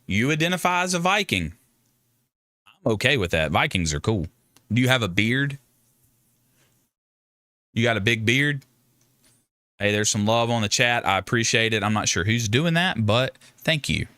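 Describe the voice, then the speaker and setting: Bright-toned joking livestream man. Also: medium pitch, animated, moderate pace, pauses often, no echo, clean studio sound. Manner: rambling, joking, self-interrupting. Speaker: livestream host. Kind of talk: casual livestream chat with viewers.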